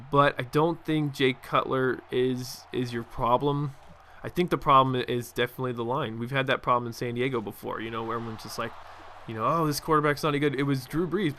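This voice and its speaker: A man's voice: mid-range voice, pushed and bright, a little hiss or hum. A young man casually commenting over his football video game, rambling with fillers and restarts. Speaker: gaming commentator.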